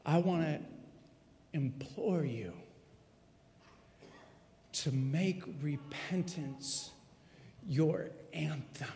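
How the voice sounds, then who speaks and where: A man preaching a sermon in a full church sanctuary, swinging dramatically from hushed tones to shouting. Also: a little high, very slow, pauses often. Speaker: pastor. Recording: echoey hall reverb.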